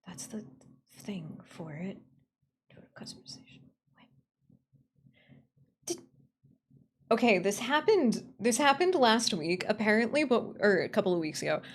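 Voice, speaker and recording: Excitable, swearing woman streamer. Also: mid-range voice, a little slow, long pauses, slight background noise. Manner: excitable, swears freely, squeals and grumbles. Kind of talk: casual livestream chat.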